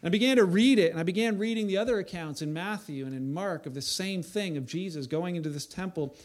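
A man preaching a sermon in a conversational way, building to loud emphatic bursts at times. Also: high voice, quick pace. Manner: conversational preaching, voice rising to near shouts for emphasis. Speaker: pastor.

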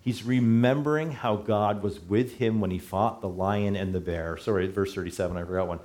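A middle-aged man gives a sermon in a church sanctuary. His voice sits slightly low, and his delivery is casual and conversational. He often stops to correct his own wording. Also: normal speed, few pauses, a little mellow. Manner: conversational, self-correcting, chuckles at slips. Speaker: pastor.

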